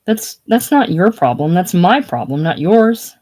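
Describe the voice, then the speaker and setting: A reader doing a prideful man who bristles and snaps back. He is defensive and quick to take offense. The voice sits mid-pitch. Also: sing-song, darkish tone. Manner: defensive, snappish. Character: touchy, prideful shaken man. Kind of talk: casual solo play reading.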